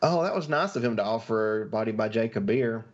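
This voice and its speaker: A man's voice: lowish voice, a little fast, dull audio. A man playing along in a casual podcast quiz, chatty and playful, with sighs as he hedges his answers. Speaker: podcast co-host, quiz contestant.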